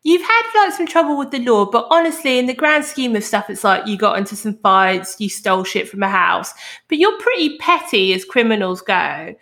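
A woman hosting a true crime podcast, telling the story in a casual, animated way and swearing now and then. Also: medium pitch, normal speed.

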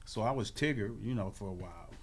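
A man in his sixties telling lively, laughing stories as a guest on a radio morning show, acting out voices as he goes. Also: lowish voice, quick pace, soft background music. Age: 60s. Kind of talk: casual storytelling on a radio show.

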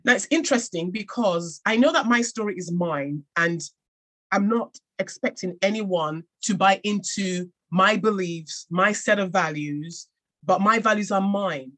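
An English woman recounting her own life as a podcast guest. She speaks in an earnest, reflective tone at a middling pitch for a woman, often stopping to restart a sentence before carrying on. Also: measured pace, a bit bright. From England. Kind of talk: personal storytelling in a podcast interview.

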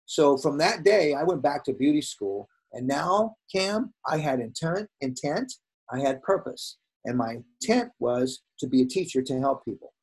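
Husky-voiced older man telling stories. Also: on the high side, normal speed. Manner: animated, acts out quoted dialogue. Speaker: guest, veteran hairdresser. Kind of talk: casual storytelling in conversation.

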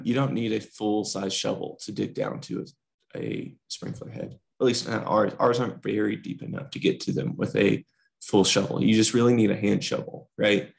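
A man's voice: lowish voice, vocal fry. A young man co-hosting a podcast, casually telling a rambling workplace story with lots of fillers. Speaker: podcast co-host.

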